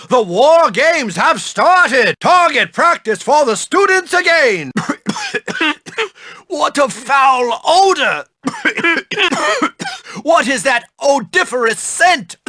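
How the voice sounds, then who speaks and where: A pompous elderly headmaster for a video game, fussy, grandiloquent and quick to outrage. His voice sits very high and swoops about, bright and sharp-edged, recorded close and dry. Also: no room sound, heavily acted. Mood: outraged. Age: older. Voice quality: fussy, grandiloquent, scolding, prone to outbursts. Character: pompous elderly male headmaster, stuffy, theatrical, easily outraged. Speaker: school headmaster. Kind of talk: video game character voice lines.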